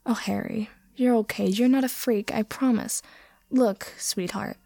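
A woman voicing a gentle teenage boy who speaks softly and reassuringly. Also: on the high side, steady tone, normal speed, creaky, dry recording. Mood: soothing. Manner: soft, soothing, reassuring.

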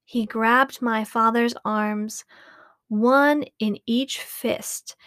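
A woman reading a children's storybook aloud, slow and careful. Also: fairly high pitch, no echo, clean studio sound. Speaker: audiobook reader.

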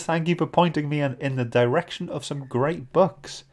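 A man's voice: on the high side, moderate pace, a little mellow. A man hosting a casual podcast chat, reading out viewer comments and joking with his co-hosts. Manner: chatty, reads out viewer comments. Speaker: host.

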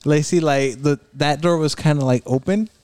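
A man's voice: a little high, normal speed, a little mellow, smooth, dry recording. Laid-back swearing guy in his twenties. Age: 20s. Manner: laid-back, swears freely, laughs often. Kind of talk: casual chat among friends, mixing Spanish. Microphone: headphones and studio mic.

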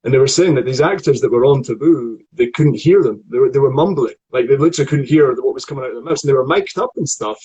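Scottish male voice coach, husky, conversational teaching tone, lots of restarts. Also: medium pitch, fast talker, hardly any pauses, dark tone, lo-fi sound. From Scotland. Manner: chatty, explanatory, frequent restarts. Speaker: acting voice coach. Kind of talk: online acting lesson conversation.

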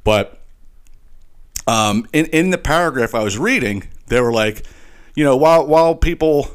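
Rambling, cursing podcast host, slight Philly accent. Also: male voice, medium pitch, moderate pace, clear, resonant tone. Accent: slight Philadelphia. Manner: rambling, animated, frequent profanity and restarts. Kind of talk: casual profane monologue.

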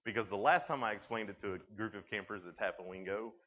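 A man with a fairly low voice speaks to a youth camp, retelling a story in a loose, lively, chatty way full of "like" and quick restarts. The recording sounds dull and lo-fi.

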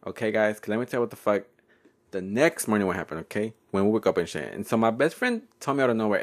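Man, young adult, podcast host, playful, laughing, very lively pitch. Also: fast talker. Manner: playful, giggly, code-switching, often loud and laughing. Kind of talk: casual solo podcast storytelling.

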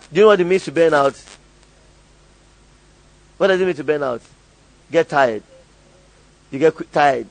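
A man's voice: fairly high pitch, creaky, darkish tone, rough recording. A male pastor preaching a sermon, calling on the congregation to fill in and repeat lines, often laughing. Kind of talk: call-and-response sermon.

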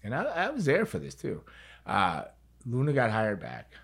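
A man's voice: medium pitch, huge pitch swings, normal speed, creaky, fairly bright tone, breathy edge. A man telling a story as an interview guest, in a casual, rambling way, repeating words and swearing freely.

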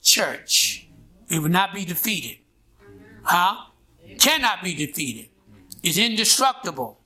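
This pastor's sermon runs on call and response: he jabs "what?" and "huh?" at the congregation and waits to hear back. His high voice swings widely in pitch, moving slowly with a bright, forceful tone.

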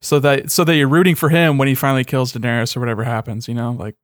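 A man's voice: mid-range voice, level tone, fast talker, no echo, studio quality. A man in a casual chat, sardonic and swearing often, with lots of "like". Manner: sardonic, heavy swearing, many "like" fillers.

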